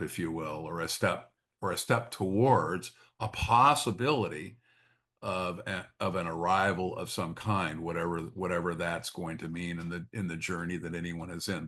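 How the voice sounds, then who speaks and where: Low-voiced man leading a reflective teaching talk. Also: a bit bright. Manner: halting, repeats words, frequent tag questions. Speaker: spiritual study group leader.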